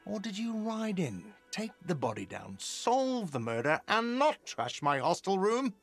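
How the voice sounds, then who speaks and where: A man's voice: high voice, very animated, unhurried, soft background music, heavily acted. An actor in his late twenties playing a curt, sarcastic cafeteria manager in a game, defensive and dismissive. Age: late 20s.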